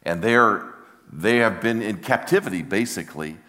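Older pastor with a deep, bright voice. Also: male voice. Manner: heartfelt storytelling with halting restarts. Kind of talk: sermon. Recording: long reverb of a large hall.

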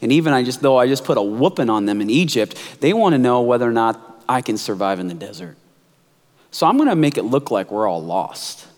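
A man voicing God with a deep, low, hushed and steady manner. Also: a little fast, close to an everyday voice. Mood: calm. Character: God, deep calm male divine voice. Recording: echoey hall.

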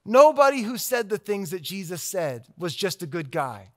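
A man delivering a sermon in a high voice. He talks with emphatic force and builds his points through repeated, stacked phrases. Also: very animated, moderate pace. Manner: emphatic, with repetitive rhetorical build-ups. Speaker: preacher.

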